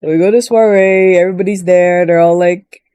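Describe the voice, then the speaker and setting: Rambling woman with a mellow low voice. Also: steady tone, fairly quick, clean tone, no echo. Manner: rambling and full of fillers; quotes characters in a higher voice. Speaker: storyteller recapping a game. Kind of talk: casual chat.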